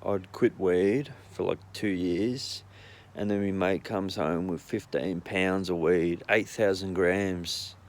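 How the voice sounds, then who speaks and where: A man's voice: low-pitched, steady tone, slow. A young Australian man telling rambling, sweary anecdotes in a blunt, casual way. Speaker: storyteller.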